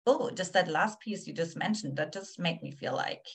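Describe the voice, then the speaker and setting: A woman co-hosting a relationship podcast, asking a guest questions in a relaxed conversational way. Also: on the low side, normal speed, gravelly. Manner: conversational, agreeing with short backchannels. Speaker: podcast co-host. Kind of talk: casual interview questions.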